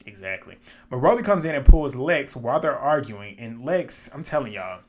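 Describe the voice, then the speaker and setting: A man giving a casual, opinionated recap of a reality show episode, animated, often laughing and swearing. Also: medium pitch, normal speed.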